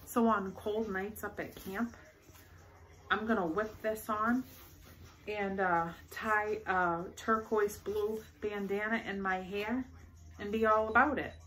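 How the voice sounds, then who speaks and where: A woman's voice: mid-range voice, fairly even intonation, slow pace, fairly bright tone. A young woman chatting casually through a shopping haul, bubbly and rambling with enthusiasm. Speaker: vlogger showing a shopping haul.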